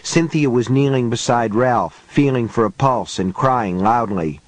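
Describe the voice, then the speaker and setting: A male narrator reads a novel aloud in measured, unhurried storytelling. His delivery is slow, and his voice sits at a middle pitch. The recording is dry and close, with no room sound. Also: dry recording, poor audio. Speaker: audiobook narrator. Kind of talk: scripted narration.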